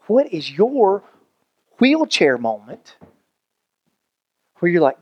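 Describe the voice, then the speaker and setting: Lively pastor preaching casually. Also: male voice, high voice, slow pace, long pauses, slightly rough, dry recording, lo-fi sound. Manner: animated, conversational preaching with jokes and acted-out quotes. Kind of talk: sermon.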